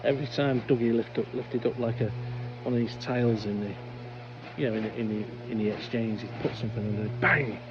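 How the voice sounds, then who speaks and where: A man chatting outdoors, laughing at his own tales as he tells them. His voice is mid-pitched and the recording sounds a bit dull, with faint ambience behind it. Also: little pitch movement, brisk, noisy background. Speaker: vlog co-host. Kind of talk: casual storytelling vlog. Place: outdoors on a hot sunny day.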